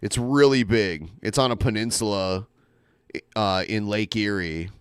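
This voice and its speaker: A man co-hosting a casual live stream podcast, talking in animated, jokey rants and swearing freely. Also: lowish voice, measured pace, smooth, no room sound. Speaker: podcast co-host.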